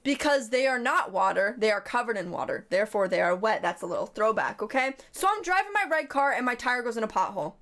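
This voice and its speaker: A woman's voice: mid-range voice, fast, few pauses, a bit bright. A woman streamer giving comedic livestream commentary, reading slides aloud in a playful, rambling way and jumping into goofy bits.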